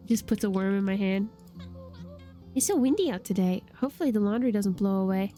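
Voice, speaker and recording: A young woman streaming a video game, chatting casually and excitably and laughing often as she plays. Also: mid-range voice, fairly quick. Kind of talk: casual gameplay chat. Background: game music.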